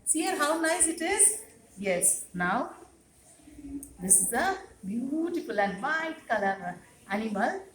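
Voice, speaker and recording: High-voiced woman teaching preschoolers. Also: big pitch swings, slow, a bit bright. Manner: sing-song, repeats questions, coaxing. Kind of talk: classroom teaching to young children. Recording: echoey classroom, faint noise.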